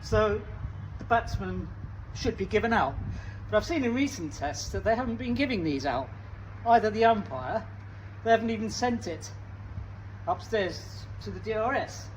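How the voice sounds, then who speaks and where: High-voiced man rambling outdoors in wind. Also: lively intonation, moderate pace, long pauses. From Italy. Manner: chatty, self-deprecating, trailing off mid-sentence. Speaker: cricket vlogger. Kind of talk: casual rambling demonstration. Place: outdoors on a windy day. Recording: distant mic, dull sound, wind and traffic noise.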